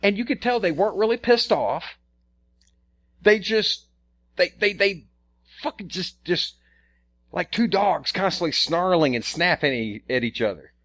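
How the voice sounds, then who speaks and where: A man's voice: sits high, lively intonation, a little slow, long pauses, a bit bright. Rambling, cursing man. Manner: rambling, profane, stammers and restarts. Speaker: podcast co-host. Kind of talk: casual chat.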